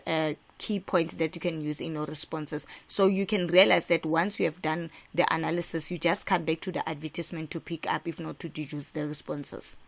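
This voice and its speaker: A woman's voice: deep voice, steady tone, fairly quick, creaky, hardly any pauses. A woman from South Africa teaching an exam revision lesson, emphatic and repetitive, with frequent restarts. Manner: emphatic, repeats key points, frequent filler restarts.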